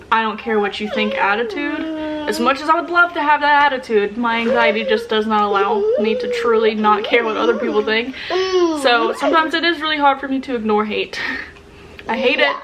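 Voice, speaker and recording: A woman's voice: fairly high pitch, rough recording. A young woman vlogger talking earnestly and emotionally to camera, often restarting her sentences. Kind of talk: casual sit-down talk to camera.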